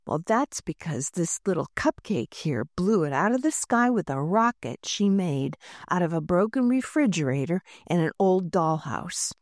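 A woman doing a calm, proud teacher. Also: lowish voice, normal speed, hardly any pauses, no room sound, clean studio sound.

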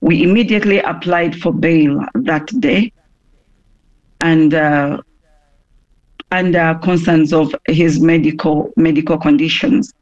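A woman giving a phone interview, hoarse from a cough, speaking haltingly with many pauses and restarts. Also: low voice, steady tone, darkish tone, highs cut off. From Uganda.

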